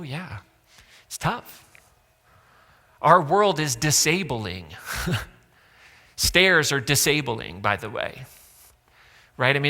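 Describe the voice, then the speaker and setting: Sarcastic preaching man, bright and reverberant. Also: a little high. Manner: sarcastic, conversational preaching with acted-out quotes. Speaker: pastor. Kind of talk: sermon. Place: church auditorium. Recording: long hall reverb.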